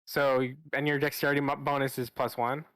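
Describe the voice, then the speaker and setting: A man narrating as game master of a tabletop game, casual and halting, with restarts and fillers. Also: mid-range voice, little pitch movement, a bit bright, smooth, no echo.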